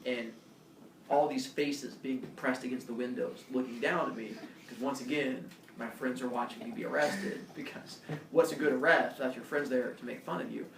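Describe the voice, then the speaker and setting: A male teacher tells his class a personal story in a lively, self-deprecating way. His voice has a gravelly edge. It is picked up from a distance in an echoey classroom with faint noise underneath. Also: medium pitch. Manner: animated, self-mocking storyteller.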